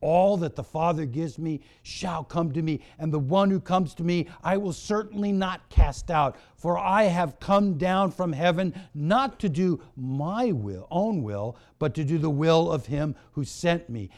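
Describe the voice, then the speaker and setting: A man preaching a sermon, swinging between hushed lines and shouted emphasis. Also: a little high, measured pace, hardly any pauses.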